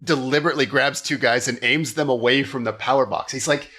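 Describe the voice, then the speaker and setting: A man's voice: medium pitch, steady tone, fairly quick, sharp tone. A man hosting a comedy podcast, joking and riffing casually, with the odd swear. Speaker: podcast host.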